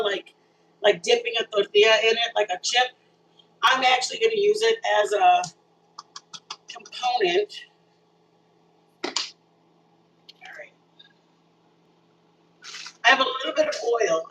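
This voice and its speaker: A woman's voice: a little high, moderate pace, recorded from a distance, slight background noise, low-quality recording. A woman hosting a live home cooking stream, chatting casually with her viewers as she cooks. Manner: chatty, animated, talks straight to viewers. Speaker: cooking channel host. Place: home kitchen.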